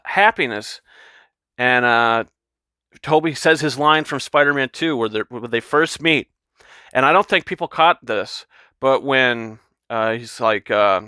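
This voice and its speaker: Man, film reviewer, casual rambling chat, bright forceful tone, dry close sound. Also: mid-range voice, normal speed, clear, resonant tone, dry recording. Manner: excited, rambling, repeats words.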